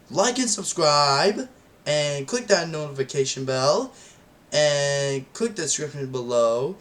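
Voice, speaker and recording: Rambling young man reviewing a film. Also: on the high side. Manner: rambling and excitable, many restarts and "and then". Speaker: channel host reviewing a film.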